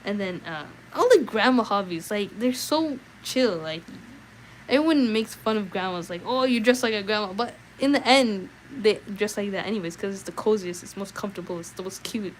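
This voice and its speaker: A young adult woman streaming a read-aloud, chatting casually with viewers in an animated, filler-heavy way. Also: medium pitch, moderate pace, slight background noise, rough recording.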